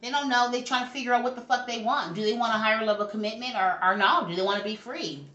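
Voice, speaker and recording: A woman's voice: on the high side, fast talker, reverberant, highs cut off, background noise. A woman giving a casual tarot reading to camera, brash and profane, talking back to her spirits as she goes. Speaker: tarot reader.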